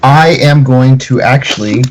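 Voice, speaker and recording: A man's voice: medium pitch, a little slow, background noise. A man in casual chat as a player in a tabletop game, making dry, wry remarks.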